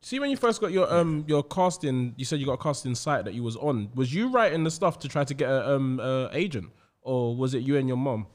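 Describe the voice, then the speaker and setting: A man's voice: mid-range voice, animated, a little fast. A man hosting a casual interview, laughing along and asking loose questions. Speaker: interview host.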